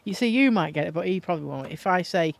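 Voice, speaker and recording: Cumbrian guy, high voice w some fry, quick jokes, dry close sound. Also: expressive, no room sound. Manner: joking, quick quips. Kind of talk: casual chat.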